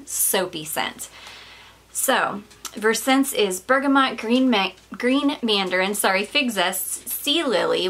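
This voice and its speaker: In a casual, chatty vlog, a woman with a mid-range, slightly bright voice reviews a perfume while a little out of breath. She gushes and rambles, dropping plenty of "like" and "um" along with small laughs.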